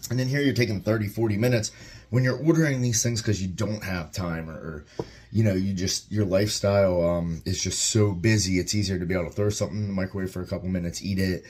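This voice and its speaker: A young man in his home kitchen, chatting casually and excitedly as he reviews a meal, rambling and tasting as he goes. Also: deep voice, quick pace. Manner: upbeat, rambling, talks while eating. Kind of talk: casual vlog chat. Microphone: camera mic, propped-up phone without tripod.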